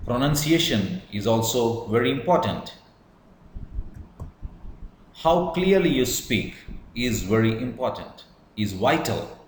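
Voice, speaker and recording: A man giving a measured lecture on public speaking, stressing words to demonstrate emphasis. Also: mid-range voice, big pitch swings, echoey room, a little hiss or hum, poor audio. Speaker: English teacher. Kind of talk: slow deliberate lecture.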